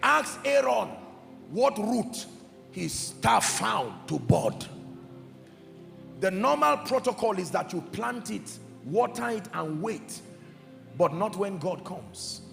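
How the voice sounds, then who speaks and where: A man's voice: high voice, sing-song, slow pace, creaky. Fervent preacher man in an echoey hall. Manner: fervent, emphatic, swings from shouting to hushed. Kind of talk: sermon. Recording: echoey hall with music behind. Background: soft music.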